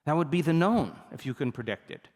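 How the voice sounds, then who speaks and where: A man giving a motivational seminar talk, telling stories with animated energy and often checking that the audience is with him. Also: on the high side, fairly quick, in a large hall. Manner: animated storytelling, repeatedly asks the audience for agreement. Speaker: seminar speaker.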